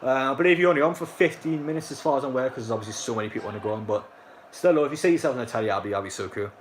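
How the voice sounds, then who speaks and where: A young man's medium-pitched, rapid-fire voice comes over slight background noise as he casually commentates a football match live. Hailing from North East England, he rambles to viewers, full of fillers, reacting to chat.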